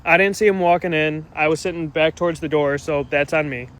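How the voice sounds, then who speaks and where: A man's voice: a little high, fairly even intonation, fairly quick, fairly bright tone. A man casually telling a story about a bad date, quoting himself as he goes. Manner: rambling, quotes himself. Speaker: storyteller in clip.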